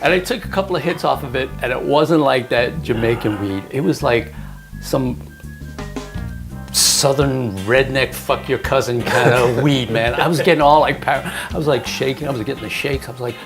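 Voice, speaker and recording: Animated male storyteller over music. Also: mid-range voice, normal speed, vocal fry. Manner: animated, laughing storyteller, acts out voices. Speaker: comedian telling a story. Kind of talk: casual storytelling chat.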